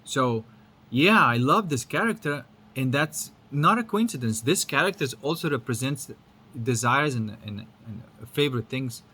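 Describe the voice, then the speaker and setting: A man's voice: mid-range voice, pushed and bright, breathy edge. A man from Lithuania whose English accent mixes Lithuanian, American and British sounds, giving a rambling, frank spiritual talk and swearing casually. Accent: mixed Lithuanian, American and British English. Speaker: spiritual teacher.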